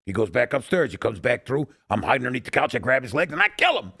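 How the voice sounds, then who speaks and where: A man's voice: mid-range voice, sing-song, fast, creaky, sharp tone, breathy edge. A middle-aged man from Chicago hosting a podcast, telling stories casually and acting out quoted lines. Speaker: podcast host and technical advisor. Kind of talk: casual interview storytelling.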